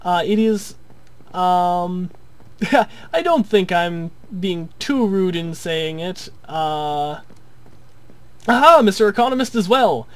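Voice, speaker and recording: Young guy, kinda high voice, rambling thru his game build with lots of ums. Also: expressive, slow pace. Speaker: video host. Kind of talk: casual gameplay commentary.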